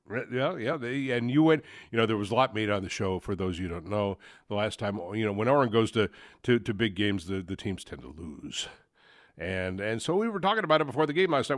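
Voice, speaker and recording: A man's voice: mid-range voice, expressive, a little fast, no echo, clean studio sound. A man hosting a sports talk show, talking casually and rambling with many fillers and restarts. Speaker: sports radio host.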